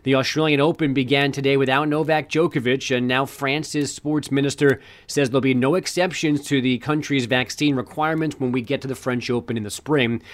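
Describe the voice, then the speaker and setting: A man reading sports headlines on a talk show, delivering them briskly with wry asides. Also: medium pitch, steady tone. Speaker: sports news anchor.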